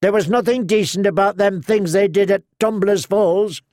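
A man's voice: high voice, a little slow, no room sound, clean studio sound, voice pushed up. A man voicing a hostile middle-aged townsman in an audiobook, curt and snapping orders.

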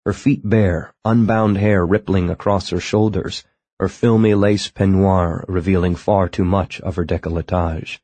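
A man reading an audiobook in measured, even scripted narration. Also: deep voice, dry recording.

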